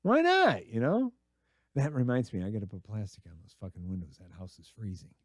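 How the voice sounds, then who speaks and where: A middle-aged man hosting a comedy radio show, rambling and crude with a self-mocking streak. His voice sits fairly low and sounds dry and close, with no room around it. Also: huge pitch swings, brisk, dry recording. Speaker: radio host. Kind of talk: casual comedic monologue.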